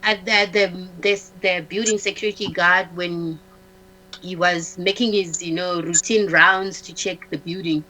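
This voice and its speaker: A woman's voice: fairly low pitch, steady tone, measured pace, pushed and bright, slight background noise, poor audio. Woman guest telling her own story, stops and restarts a lot, repeats words, plays out what people said. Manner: acts out the dialogue of others in her story. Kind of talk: personal storytelling on a talk show.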